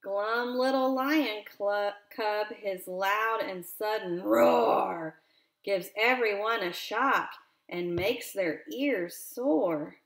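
A woman reading a counting picture book aloud with expression, stopping to ask a child gentle questions. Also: mid-range voice, very slow. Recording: roomy echo.

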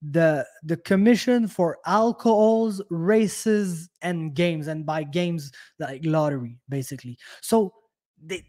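Young Quebec-host with a slightly high voice, ranting in fury, profane, tripping over his own words. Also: slow pace, warm tone. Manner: heated, profane, repetitive restarts. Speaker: podcast host. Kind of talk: angry casual rant.

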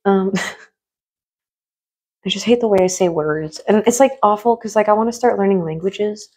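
Rambling, hushed woman mukbang vlogger. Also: medium pitch, a little slow, pauses often, slightly rough. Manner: rambling, filler-heavy, sometimes swears; speaks in a hushed tone while eating. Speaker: food vlogger and streamer. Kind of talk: casual mukbang chat.

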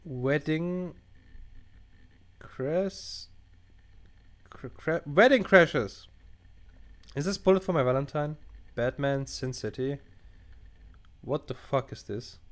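A young man, not a native English speaker, casually commenting on a game he plays, thinking aloud and swearing as he reacts. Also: a little high. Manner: animated, swearing, thinking aloud while reading choices. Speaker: gaming channel host. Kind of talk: casual let's play commentary.

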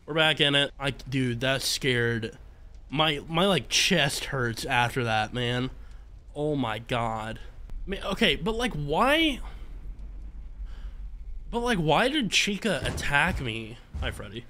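A man's voice: fairly high pitch, lively intonation, slow, long pauses, bright, forceful tone, slight background noise. Jumpy young man narrating a horror game. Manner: jumpy, swearing, screams in fright. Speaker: gaming YouTuber. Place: home room with his dog nearby.

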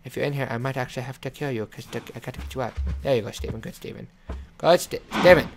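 A man's voice: medium pitch, steady tone, rapid-fire, darkish tone, faint music behind. A man hosting a let's play, giving gameplay commentary in a playful way and chatting to and scolding his in-game animal. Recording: clear background noise with clicking.

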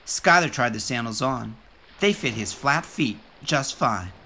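Brief: bright, sing-song reader for a children's storybook, very lively. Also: mid-range voice, a little slow, slight background noise.

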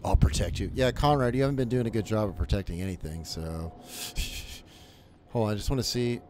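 A man streams a horror game, chatting casually with viewers, joking and swearing as he plays. His voice is lowish and darkish at a normal pace, with slight background noise.

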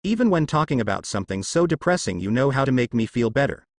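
A man voicing a gentle, loving young woman who speaks softly, in a fan fiction reading. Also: mid-range voice, big pitch swings, fast, no echo, studio quality. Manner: soft, affectionate.

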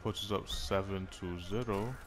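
A man's voice: low voice, steady tone, moderate pace. A young man giving casual, profane running commentary while playing a football video game, breaking into frequent outbursts at the action. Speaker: gaming YouTuber. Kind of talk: casual live commentary over gameplay.

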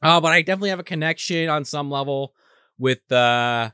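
A man co-hosts a movie podcast in a bright, slightly high voice. He rambles along, chatty and loose, and keeps correcting himself mid-sentence. The sound is dry and close. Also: a little fast, clear, resonant tone, no room sound. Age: adult. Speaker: podcast co-host. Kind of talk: casual chat.

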